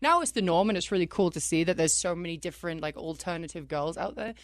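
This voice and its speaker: Animated woman telling wrestling stories. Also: fairly low pitch, quick pace, dry recording. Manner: animated, laughs often, acts out quotes. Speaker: wrestler guest. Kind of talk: casual radio interview storytelling.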